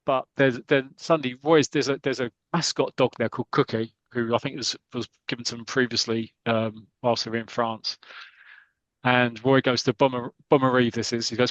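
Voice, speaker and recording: A man in a mid-pitched voice retells a comic plot in a casual, rambling way, often restarting his sentences. He is a podcast co-host talking to a friend. The recording is dry and close. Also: steady tone, moderate pace, no echo, lo-fi sound.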